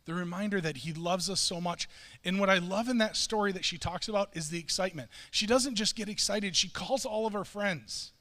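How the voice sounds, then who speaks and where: A man's voice: high voice, brisk, fairly bright tone. A middle-aged man preaching a sermon as pastor, talking in a conversational, self-deprecating way and often restarting his words. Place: church sanctuary. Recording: long church hall reverb.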